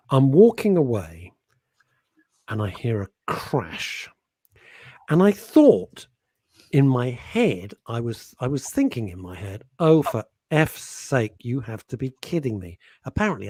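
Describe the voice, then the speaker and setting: A male radio presenter tells a funny story in a husky voice that swings up and down. He is animated and laughs as he goes. The sound is dry and close, from a studio mic. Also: lowish voice, dry recording. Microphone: studio microphone.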